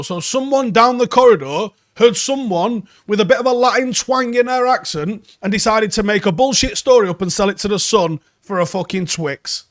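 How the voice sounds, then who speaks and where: A man's voice: high-pitched, moderate pace, hardly any pauses, no echo, studio quality. A young man hosting a football reaction channel, ranting sarcastically and swearing in exasperation.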